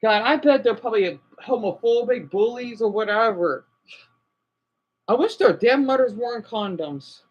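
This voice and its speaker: A man's voice: sits high, lively intonation, a little slow, muffled recording. A man livestreaming and chatting with his viewers in a rambling, upset way, with many restarts and apologies. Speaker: livestreamer reacting to videos.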